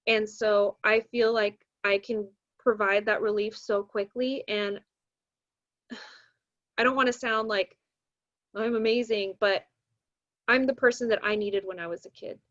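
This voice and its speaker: A woman's voice: mid-range voice, unhurried, long pauses. A young woman, a math teacher, telling a story in casual podcast talk and acting out the voices of the people she quotes. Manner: animated, acts out quoted voices. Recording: dull lo-fi recording.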